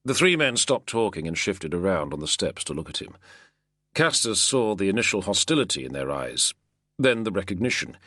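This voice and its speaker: A man reading a novel aloud as an audiobook narrator, in a measured, expressive way. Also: sits low, no echo, studio quality. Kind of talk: scripted narration.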